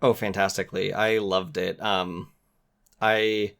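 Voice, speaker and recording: Podcast guest, man, lowish voice, eager and earnest. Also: little pitch movement, takes it slowly, gravelly, fairly bright tone. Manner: earnest, enthusiastic, acts out quoted lines. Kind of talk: casual chat.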